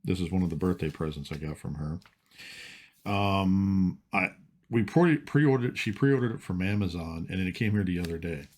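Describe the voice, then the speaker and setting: Low-voiced laid-back podcast host, a man. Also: moderate pace, darkish tone. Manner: laid-back, rambling, says dude and like. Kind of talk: casual chat.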